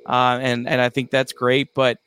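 Calm male podcast co-host, smooth voice, flat delivery. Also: medium pitch. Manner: measured, agreeable, with frequent restarts. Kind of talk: casual sports podcast chat.

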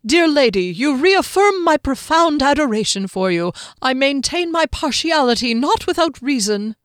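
A woman's voice: high-pitched, big pitch swings, moderate pace, no room sound, clean studio sound, voice pushed up. A woman voicing a small male halfling trickster who speaks in grand, courtly phrases, in a storybook reading. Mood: grandiloquent.

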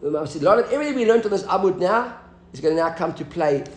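Male Talmud teacher, high voice, explains the text and quizzes the class, echoey room sound. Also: expressive, racing, slight background noise. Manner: explanatory, asks the class questions.

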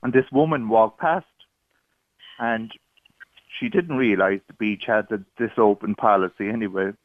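A man's voice: lowish voice, normal speed, no echo. A man calling a radio phone-in, cheeky and joking as he tells a story. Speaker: caller. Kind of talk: casual phone-in chat. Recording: muffled phone line.

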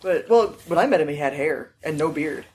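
A man with a fairly high voice hosts a casual interview. He jokes, laughs often and keeps the talk loose and easy. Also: animated, a little fast, a little hiss or hum. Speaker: podcast host.

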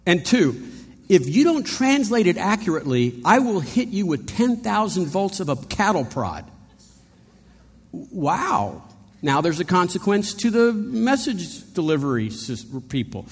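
Preaching in a large hall with a long echo, this pastor has a high, sing-song voice with a breathy edge and an unhurried pace. His sermon feels conversational, with rhetorical questions and playful asides.

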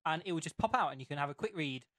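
A young man co-hosting a comedy podcast, dropping deadpan absurd jokes. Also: fairly high pitch, rapid-fire, dry recording. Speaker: podcast co-host. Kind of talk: casual comedic chat.

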